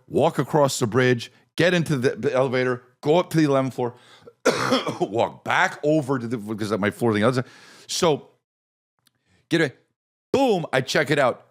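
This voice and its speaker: A middle-aged man hosting a podcast, telling a comedic story with lots of swearing and acted-out voices. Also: mid-range voice. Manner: animated, swearing, acts out voices in his story. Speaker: podcast host.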